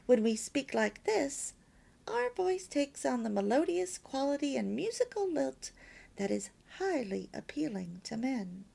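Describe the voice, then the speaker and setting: A woman's voice: high-pitched, big pitch swings, a little slow, gravelly, dark tone, husky. A woman reading a homemaking lesson aloud as a story, lilting and emphatic with near-whispered asides. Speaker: reader of a homemaking course.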